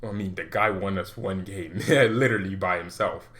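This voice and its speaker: A young man hosting a casual football fan vlog, excitable and animated, laughing often as he ranks players. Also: sits low, moderate pace. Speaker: football channel host.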